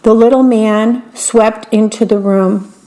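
A woman storyteller reading a fairytale aloud, adding gentle, wry asides. Her voice sits a little high, and she takes her time over every line. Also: steady tone, slow pace.

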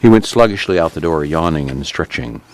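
A man narrating a dramatic audiobook in an even, low manner. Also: fairly quick, no room sound. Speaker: reader.

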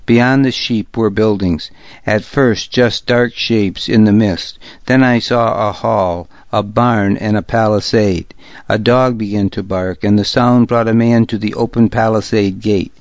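A man reading a historical novel aloud as a narrator, in a measured, steady way. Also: on the low side, no echo, muffled recording. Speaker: audiobook narrator. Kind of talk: scripted narration.

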